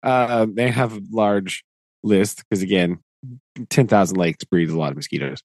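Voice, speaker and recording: A man's voice: fairly low pitch, normal speed, darkish tone, dry recording. A man co-hosting a casual podcast chat, playful and full of mock-dramatic groans. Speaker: podcast co-host.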